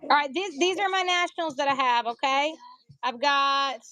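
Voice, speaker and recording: Chatty high-voiced woman with a country twang. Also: fairly even intonation, moderate pace, sharp tone, dry recording, faint music behind. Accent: American country. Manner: chatty, jokey, talks to viewers by name. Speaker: livestream seller. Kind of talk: casual live sales chat.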